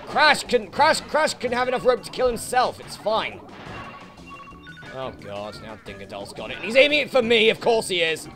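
A British man who hosts let's plays, giving excitable gameplay commentary full of swearing and frustrated outbursts. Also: sits high, moderate pace, faint music behind. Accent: British English. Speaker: let's play host.

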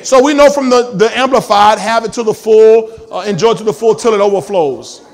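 A man's voice: sits high, moderate pace. A male pastor preaching a sermon in a church, emphatic and full of call-and-response questions to the congregation.

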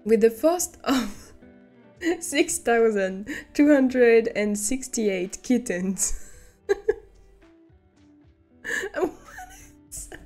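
Giggly French-accented woman, slow and high. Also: expressive, darkish tone, faint music behind. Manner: giggly, amused commentary while reading. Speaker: streamer. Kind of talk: reading a generated story aloud on stream.

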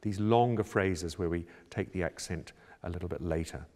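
A choir director talks through a score in a calm, measured, explanatory voice. His voice sits somewhat low. The recording has a long, lingering reverb. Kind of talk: instructional talk on score preparation. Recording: reverberant room with long echo.

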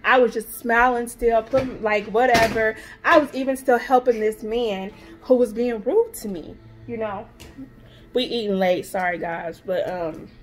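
A woman's voice: on the high side, fairly even intonation, a little slow, faint music behind. A mother talking straight to camera in a casual, heartfelt vlog, emphatic and repetitive, blunt and swearing freely. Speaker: vlogger, mother.

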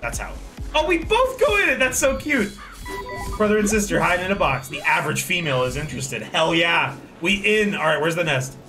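Excitable high-voiced male game streamer. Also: brisk, recorded from a distance, over music. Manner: excitable, laughing, swearing, shouting at the game. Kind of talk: casual gameplay commentary.

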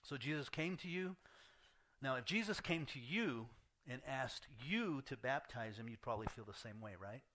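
A man's voice: medium pitch, animated, normal speed, pushed and bright. A man preaching a verse-by-verse sermon in conversational style, acting out quoted lines with a rising voice and dropping almost to a whisper at the end of a point. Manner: fillers and restarts, conversational preaching. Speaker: pastor. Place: church sanctuary.

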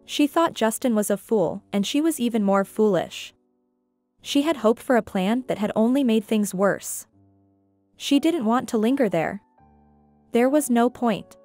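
A woman narrating a scripted drama story in a steady, even storytelling manner. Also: a little high, measured pace, dry recording, faint music behind.

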